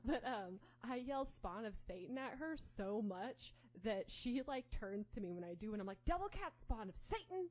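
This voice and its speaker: A woman's voice: medium pitch, normal speed, few pauses, darkish tone, poor audio. A woman co-hosting a casual chat, talking playfully with lots of laughter and filler words.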